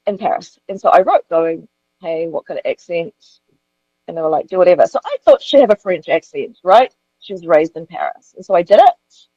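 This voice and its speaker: Actress w a lowish voice, frank and lively, dull dry clip with hum in it. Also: female voice, fairly quick, hardly any pauses, dry recording. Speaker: actor interviewed in a film. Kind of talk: candid interview storytelling.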